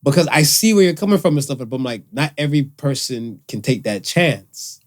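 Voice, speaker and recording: A man's voice: medium pitch, fairly quick. A man co-hosting a casual podcast chat, telling stories animatedly and swearing freely. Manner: animated storyteller, profane, acts out quotes. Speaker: podcast co-host.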